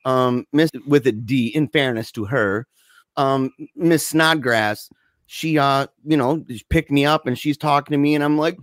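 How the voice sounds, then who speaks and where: A man's voice: medium pitch, normal speed, dry recording, clean studio sound. A man telling a long childhood story in casual chat, rambling and self-mocking with lots of fillers. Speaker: guest storyteller.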